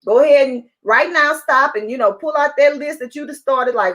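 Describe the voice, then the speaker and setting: A woman speaking as a motivational speaker on a call, pitching with excited, upbeat urging that keeps repeating its point. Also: normal speed. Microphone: call audio.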